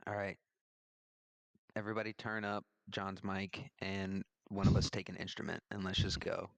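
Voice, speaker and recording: A man's voice: low voice, flat delivery, normal speed, creaky, no room sound. A man who plays in a tabletop game, joking and offering help in casual chat over a voice call. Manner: joking, helpful. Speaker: player. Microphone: online voice call.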